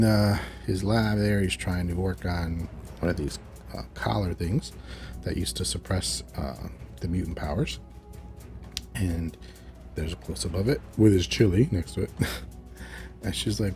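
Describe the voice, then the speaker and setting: Man, low voice, mellow tone, casual episode recap, chatty asides, faint background music. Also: moderate pace. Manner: chatty, animated retelling with asides. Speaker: video reviewer.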